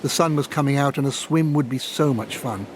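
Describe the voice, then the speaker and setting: A man reading a story aloud as an audiobook narrator, with expressive storytelling delivery. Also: fairly quick, slight background noise. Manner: expressive reading, voices characters in high put-on tones.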